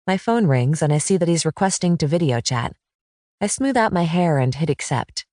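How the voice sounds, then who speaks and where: A woman narrating a first-person romance audiobook in an expressive, intimate manner. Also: sits low, normal speed, no room sound, clean studio sound.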